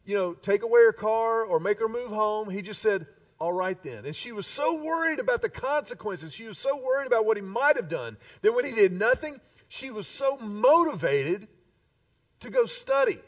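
Animated preacher, lively high voice. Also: male voice, no room sound. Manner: animated storyteller, acts out quoted voices. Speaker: pastor. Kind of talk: sermon. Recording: distant dull live recording.

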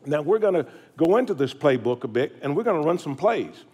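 A man's voice: on the high side, very animated, brisk, darkish tone, breathy edge. Middle-aged man, Sunday sermon, joking and folksy delivery. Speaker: pastor. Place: church sanctuary.

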